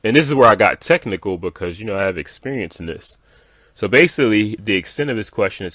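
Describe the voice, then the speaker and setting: A man with a very deep voice rants as he reads through viewer comments, exasperated and dismissive, with many "like" and "uh" fillers. The recording is dry and close to the mic. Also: expressive, quick pace, fairly bright tone, no echo. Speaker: gaming video creator.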